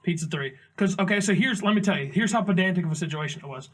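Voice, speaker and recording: A man's voice: high voice, quick pace. Chatty man telling a story. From Augusta, Georgia, US. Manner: rambling storyteller, swears freely, acts out quotes. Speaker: comedy podcast co-host. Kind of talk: casual storytelling chat.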